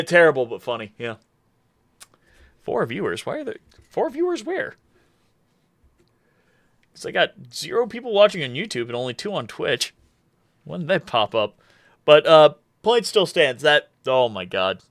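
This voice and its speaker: A man's voice: a little high, very animated, moderate pace, pushed and bright, no room sound, studio quality. A man in his twenties from the United States, rambling casually on a live stream, correcting himself as he goes and reading chat aloud. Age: 20s.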